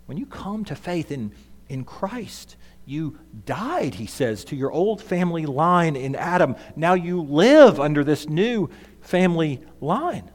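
A man preaching a sermon as pastor, emphatic, swinging between loud and hushed. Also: fairly high pitch, lively intonation, a little slow. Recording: long reverb of a large hall.

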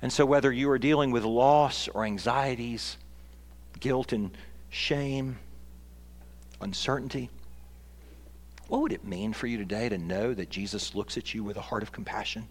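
A man's voice: medium pitch, moderate pace, long pauses. A man preaching a sermon as pastor, earnest and building to emphatic peaks. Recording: long reverb of a large hall.

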